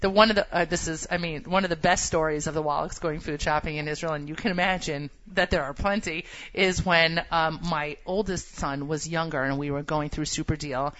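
A woman co-hosting a casual radio chat show, animated and jokey, laughing often. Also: deep voice, fairly quick, hardly any pauses, dry recording, lo-fi sound. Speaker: co-host.

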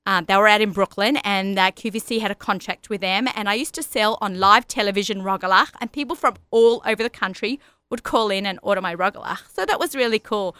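A woman's voice: medium pitch, brisk, bright, forceful tone, clear, resonant tone, no room sound. Chatty Australian woman radio host. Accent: Australian, softened by long US residence. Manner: chatty and enthusiastic, with fillers. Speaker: radio show host and personal chef. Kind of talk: solo radio show introduction.

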